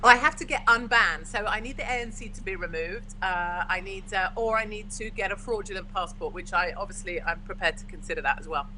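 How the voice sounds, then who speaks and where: A woman's voice: mid-range voice, brisk, hardly any pauses, pushed and bright, a little hiss or hum, poor audio. A forthright, opinionated English woman from the UK, chatting as a guest in a casual video-call conversation. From United Kingdom.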